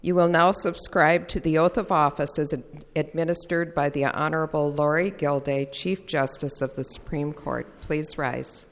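A woman presiding over a legislative session, reading procedural calls in a brisk, formal manner. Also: deep voice, fairly even intonation. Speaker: presiding officer. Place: legislative chamber. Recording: echoey chamber reverb.

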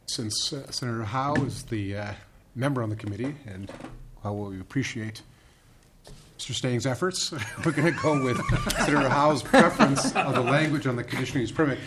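A man's voice: medium pitch, brisk, noisy background. A man chairing a committee hearing, running procedure conversationally with frequent fillers.

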